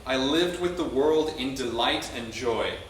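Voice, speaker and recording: A man with a mid-range, slightly slow voice leads a choir rehearsal, teaching the music with plenty of ums and restarts. The mic sits far off in a very echoey room, with faint background noise.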